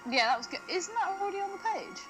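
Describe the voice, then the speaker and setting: A woman's voice: very high voice, expressive, a bit bright, poor audio. Teasing woman with faint music behind. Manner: playful, teasing, quick questions. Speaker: podcast co-host. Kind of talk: casual film chat.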